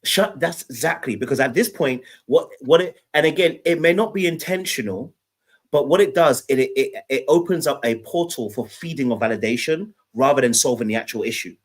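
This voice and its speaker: Animated man reacting. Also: mid-range voice, brisk. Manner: animated, mocks lines in put-on voices. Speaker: podcast co-host. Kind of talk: casual commentary on a dating show.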